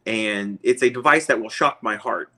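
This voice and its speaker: A man's voice: on the low side, normal speed, pushed and bright, low-quality recording. A man, a guest, telling a long personal story in a casual, rambling way and chuckling often.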